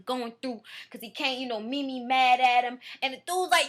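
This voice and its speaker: A woman giving casual, profane commentary as a reality show reviewer, blunt and animated as she rants. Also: high-pitched, normal speed, few pauses.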